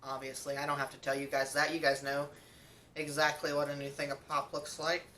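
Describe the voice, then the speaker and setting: A woman's voice: deep voice, flat delivery, a little fast, bright, forceful tone, far from the mic, a little hiss or hum. A young woman vlogger chatting casually while she eats, telling a story with lots of ums and likes. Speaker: mukbang vlogger.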